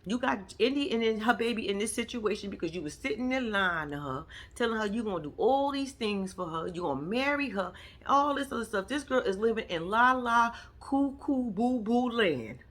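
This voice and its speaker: A woman's voice: fairly high pitch, lively intonation, a little fast, a bit bright. A woman giving a casual commentary recap of a reality TV episode, blunt and profane, acting out the people she quotes.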